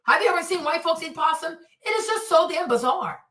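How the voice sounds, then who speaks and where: A woman hosting a reaction stream, ranting loudly and mockingly with lots of swearing. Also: very high-pitched, brisk, echoey room, recorded from a distance. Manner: loud, profane, mocking rants. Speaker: streamer host.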